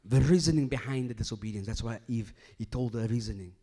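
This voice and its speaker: A man preaching a sermon, swinging from loud emphatic bursts to hushed low lines and repeating phrases as he builds a point. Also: fast talker.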